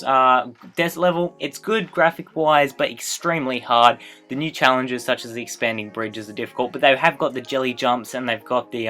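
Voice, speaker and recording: A man giving casual, rambling gameplay commentary as a let's play host, excitable and prone to tangents. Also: mid-range voice.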